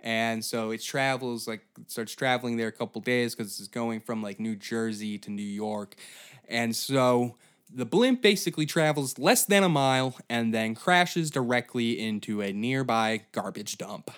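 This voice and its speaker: A man's voice: mid-range voice, unhurried, fairly bright tone, smooth. A man hosting a comedy podcast, telling a story in a profane, rambling, sarcastic way. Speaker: podcast host.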